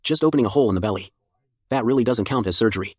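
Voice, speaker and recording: An actor playing a calm, composed young male doctor of ghosts in an animated drama dub. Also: medium pitch, very fast, husky, dry recording, close to an everyday voice.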